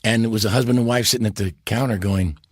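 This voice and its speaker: A man, a podcast guest, telling stories in a lively, animated way and slipping into character voices. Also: on the low side, quick pace, slightly rough, dry recording, clean studio sound. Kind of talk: casual interview storytelling.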